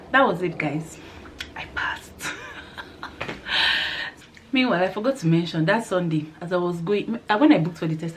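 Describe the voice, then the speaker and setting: A young woman vlogger telling a story to camera in a casual, animated way, laughing often and sometimes dropping to a soft near-whisper. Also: low voice, a little hiss or hum.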